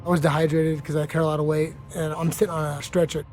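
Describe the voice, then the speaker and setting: A man's voice: fairly high pitch, little pitch movement, fast talker, darkish tone, slight background noise. A man, a fighter, telling a story in an interview in a blunt, profane way. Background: music bed.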